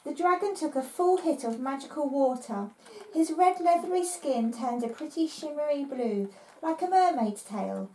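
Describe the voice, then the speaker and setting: A woman reading her own adventure story aloud in a plain, steady narrating voice. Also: high voice, normal speed, reverberant, a little hiss or hum, poor audio.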